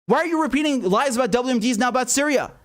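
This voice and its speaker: A man's voice: very high-pitched, expressive, racing. A man hosting a political commentary show, ranting with anger and profanity, often repeating himself, then mocking headlines sarcastically. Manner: angry, profane, repetitive ranting.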